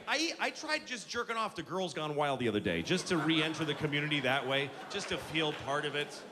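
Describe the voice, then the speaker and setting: A man's voice: on the high side, background noise. A middle-aged man doing stand-up on stage, ranting in an exasperated, profane way. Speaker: stand-up comedian. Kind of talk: stand-up routine. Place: stage before a live audience. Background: audience laughter and room ambience.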